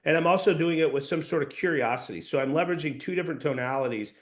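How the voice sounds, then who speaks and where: A man with a slightly high voice runs a practice session as a sales trainer. He explains in an instructive, hands-on way, often restarting and repeating his phrases as he goes. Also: quick pace.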